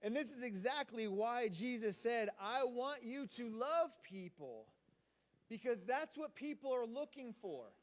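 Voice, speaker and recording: A man with a high voice preaches in a casual, rambling way, chatting and joking with the crowd. His words ring out with a long reverb from the church hall around him. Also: expressive, measured pace. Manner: casual, rambling delivery with audience banter. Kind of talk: sermon.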